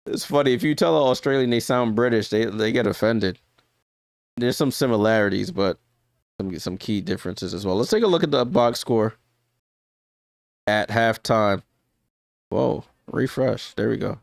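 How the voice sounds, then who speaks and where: A man talks through a live game in a smooth, clean voice, calling plays in a loose, conversational way. His sound is dry and close, with no room around it. He often catches his own slips and fixes them on the fly. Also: fairly low pitch, normal speed, no echo. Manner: chatty, corrects himself often and laughs at his own slips. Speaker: live stream watch-along commentator. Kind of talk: casual live play-by-play commentary.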